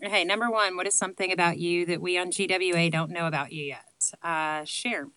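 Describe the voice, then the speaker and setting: Southern lady vlogging, bright clear voice, dry close sound, lots of ums and self-deprecating jokes. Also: lowish voice, steady tone, a little fast, dry recording, rough recording. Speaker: vlogger answering viewer questions. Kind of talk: casual chat.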